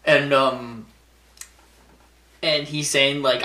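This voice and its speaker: A young wrestling vlogger casually recaps a wrestling show in an echoey room, rambling, laughing often, and acting out the wrestlers' lines. His mid-range, fairly bright voice is slow, with long pauses.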